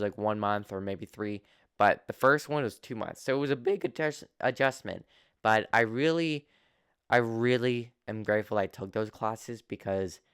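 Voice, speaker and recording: A young man talks through a personal story with halting, earnest phrasing and frequent restarts. His voice sits low and comes through very clean. The sound is close and dry, with no room around it. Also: a bit bright, clean tone, no echo. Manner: earnest and open. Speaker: vlogger.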